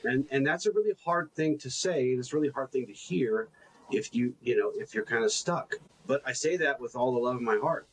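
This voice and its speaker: A man's voice: medium pitch, brisk, a little hiss or hum, rough recording. A man co-hosting a coaching podcast, talking earnestly in a casual conversation and often repeating words as he builds a point.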